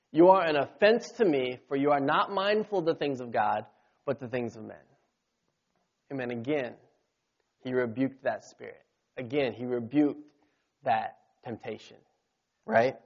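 A man preaching a sermon, punctuating his points with amens and rising to shouts when quoting scripture. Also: medium pitch, lo-fi sound. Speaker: pastor.

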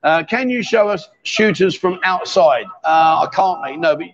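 A man's voice: a little high, normal speed, fairly bright tone, muffled recording, a little hiss or hum. A man in his fifties hosting a casual livestream from a busy bar, bantering and teasing his guests while holding a handheld microphone. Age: 50s. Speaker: livestream host. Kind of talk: casual chat.

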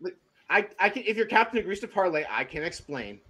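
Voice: mid-range voice, very animated, fast, fairly bright tone. Word-fumbling game player. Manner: searching for words, nervous apologetic in character. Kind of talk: tabletop game play.

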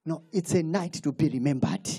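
A man's voice: fairly high pitch, fairly quick, husky. A man preaching a sermon, calling for responses from the congregation. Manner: animated call-and-response preaching with laughs. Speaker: pastor.

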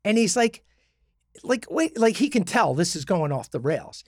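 A man with a notably high voice co-hosts a casual talk show. He tells long stories, stumbling over restarts and voicing the people he quotes. The sound is close and dry. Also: very animated, normal speed, dry recording. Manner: storytelling with many restarts, acting out quoted people. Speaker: podcast co-host. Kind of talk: casual political chat.

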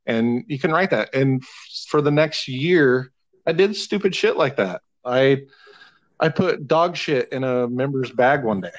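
A man as a podcast guest telling an animated, profane story in casual conversation. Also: mid-range voice, a little slow, no room sound, dull audio.

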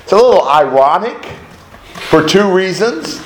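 A man teaching a Bible study to a group, emphatic and animated, often asking rhetorical questions. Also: high-pitched, a little slow. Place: room with a group of listeners. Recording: roomy echo, faint background noise.

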